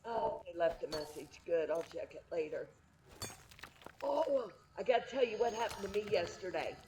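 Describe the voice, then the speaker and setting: A woman's voice: fairly low pitch, expressive, normal speed, over music, rough recording. A middle-aged woman streaming from home, chatting candidly and rambling with frequent restarts. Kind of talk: casual chat.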